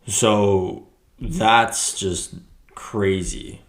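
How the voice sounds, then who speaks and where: A man with a very low voice that barely rises or falls talks through a reaction video. He speaks haltingly, pausing and restarting as he searches for what to say. The delivery is casual commentary. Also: steady tone.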